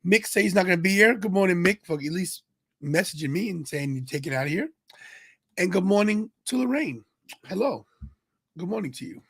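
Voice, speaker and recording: A man with a fairly high voice talks in a loose, rambling way, greeting viewers in the chat as he goes. He sounds tired and sleepy, chatting casually as host of his live stream. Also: animated, fairly quick, vocal fry, fairly bright tone, slightly rough. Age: adult with kids. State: tired, yawning. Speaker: podcast host.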